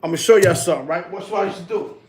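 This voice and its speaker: A middle-aged man talking loudly to his livestream chat, laughing often, in heavy street slang. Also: high voice, racing, heavy background noise. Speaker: livestream host.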